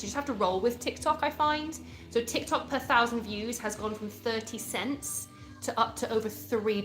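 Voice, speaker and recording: A woman's voice: mid-range voice, a bit bright. A young British woman from England hosting a casual live stream, chatting and answering viewer comments as she reads them aloud. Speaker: livestream host.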